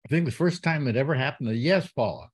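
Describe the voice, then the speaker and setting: A man's voice: medium pitch, expressive, fast talker, husky. A man hosting a casual call-in show, talking in a rambling way with many fillers and restarts. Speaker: host.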